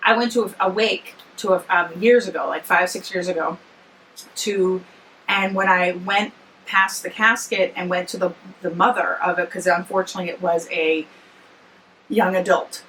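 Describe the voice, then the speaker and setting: A woman's voice: lowish voice, steady tone, moderate pace, a bit bright, a little hiss or hum, poor audio. A woman in her forties vlogging tired after work, telling a personal story in a rambling, self-correcting, chatty way. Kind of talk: casual personal storytelling to camera.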